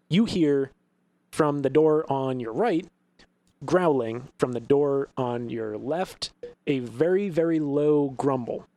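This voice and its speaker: A man's voice: a little high, dark tone, no room sound. A man narrating as game master of a tabletop game, describing scenes loosely with fillers and frequent chuckles.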